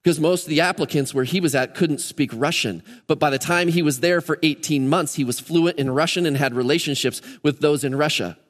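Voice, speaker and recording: An American man preaching a sermon in a conversational, energetic way, his voice climbing higher when he gets excited. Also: a little fast, few pauses, in a large hall. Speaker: pastor. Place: church sanctuary.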